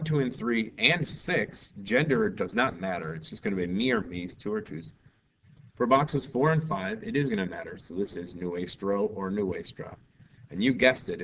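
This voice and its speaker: A man's voice: lowish voice, a little hiss or hum. A male Spanish teacher giving a lesson in an upbeat, jokey way, acting out little scenes. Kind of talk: recorded classroom lesson. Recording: distant, dull lo-fi mic with faint ambience.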